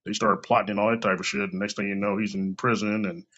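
A man in casual chat who talks in quick, rambling bursts with slang. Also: fairly low pitch, flat delivery, a bit bright, muffled recording.

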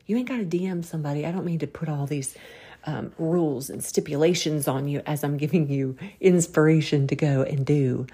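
A woman's voice: deep voice, brisk, mellow, breathy edge. A woman with a Southern drawl hosting a podcast, giving folksy, preachy faith-based encouragement. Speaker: podcast host.

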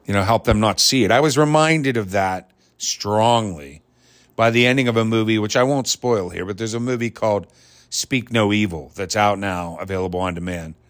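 A man delivers a casual, rambling monologue full of fillers and restarts, reflective in tone but growing more animated on certain points. His voice is on the low side and his pace is normal.

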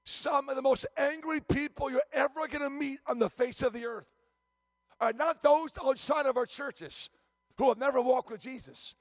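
A man's voice: extremely high pitch, dry recording, clean studio sound. A man preaching a sermon as a visiting preacher, telling stories emphatically with frequent restarts and stammers.

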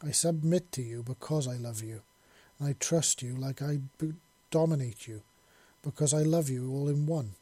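A man voicing a horned, passionate young female lover who speaks softly and emotionally. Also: medium pitch, normal speed, no room sound, lightly acted.

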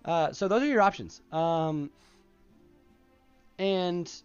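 A man's voice: high voice, takes it slowly, clear, resonant tone, highs cut off, soft background music. A man narrating as game master of a tabletop game, talking casually with many fillers. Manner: hesitant, lots of fillers.

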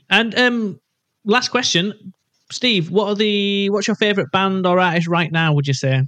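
A man hosting a casual chat, playful and asking quick questions. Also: sits high, fairly bright tone, no echo. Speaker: podcast host.

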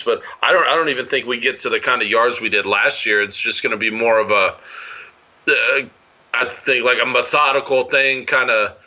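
A man's voice: mid-range voice, sharp tone. A man co-hosting a casual sports podcast, rambling through his points with lots of fillers. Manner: rambling, full of fillers and restarts. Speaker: podcast co-host. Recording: dull lo-fi audio.

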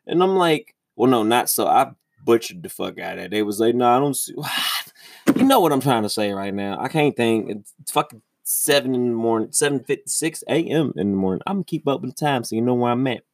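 A young man telling a story in a casual, profane ranting monologue, with his voice jumping high when he gets exasperated. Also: expressive, brisk, creaky, no echo, clean studio sound. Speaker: vlogger.

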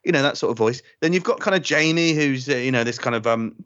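A man hosting a podcast in casual chat, excitable, laughing a lot and acting out quotes. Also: medium pitch, fast talker, dry recording. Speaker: podcast host. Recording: dull lo-fi dry sound.

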